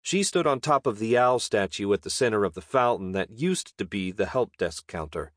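A man's voice: lowish voice, moderate pace, no room sound. Dry-voiced wry male audiobook narrator. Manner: wry, deadpan storytelling.

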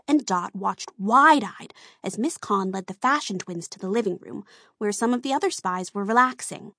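Slow, lively storybook woman narrator. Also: fairly high pitch, breathy edge, no echo, studio quality. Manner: slow, expressive. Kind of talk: storybook reading.

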